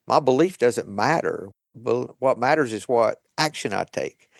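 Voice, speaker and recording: Male host, unhurried and thoughtful, dry close sound, mid-pitched. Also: gravelly, dry recording. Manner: slow, thoughtful, with light laughs. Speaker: podcast host leading a recovery meeting. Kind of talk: reflective reading and sharing.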